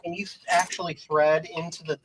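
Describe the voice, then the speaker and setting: A man's voice: on the high side, flat delivery, normal speed. A man hosting a casual livestream, assembling a clock kit and joking at his own expense while talking through each step. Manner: self-deprecating, muttering steps aloud while working with his hands. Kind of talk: casual group livestream chat. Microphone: video call. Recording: noisy call audio.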